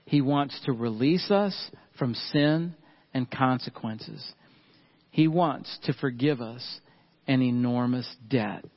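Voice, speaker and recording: A middle-aged man, preaching a sermon earnestly and slowing down and softening on key points. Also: medium pitch, highs cut off. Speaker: pastor.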